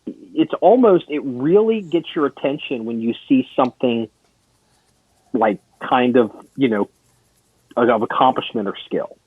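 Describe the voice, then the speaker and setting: A man's voice: medium pitch, breathy edge, dry recording, phone-quality sound. A man co-hosting a podcast, telling long rambling stories in casual chat with many restarts and some swearing. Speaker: podcast co-host.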